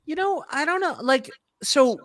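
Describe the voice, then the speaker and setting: A man's voice: very high voice, animated, unhurried, fairly bright tone, dry recording. Rambling male podcast host, dry sound. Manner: rambling, filler-heavy, thinks aloud. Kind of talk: casual chat.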